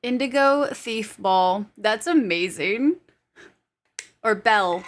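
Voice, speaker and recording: A woman's voice: medium pitch, slow pace, a little hiss or hum. A young adult woman streamer chatting casually with her viewers. She giggles often and swears freely.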